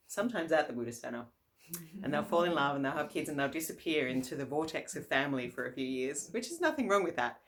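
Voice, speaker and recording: A woman's voice: a bass voice, a little hiss or hum. A woman, a Buddhist nun and teacher, giving a casual, conversational dharma talk, often laughing and circling back with fillers and restarts.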